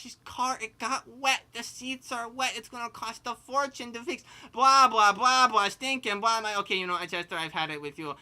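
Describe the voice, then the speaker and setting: Someone voicing a very bright lisping pig. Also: medium pitch. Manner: rambling, full of "like" and "you know"; laughs mid-sentence. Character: rambling cartoonish pig storyteller. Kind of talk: improvised comedic storytelling.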